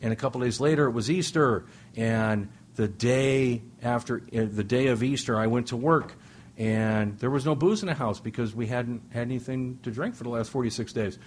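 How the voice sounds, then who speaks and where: Man, middle-aged, wry storyteller, self-deprecating, restarts a lot, average pitch. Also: normal speed, a little hiss or hum. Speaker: speaker sharing at a recovery meeting. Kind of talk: humorous personal storytelling to an audience.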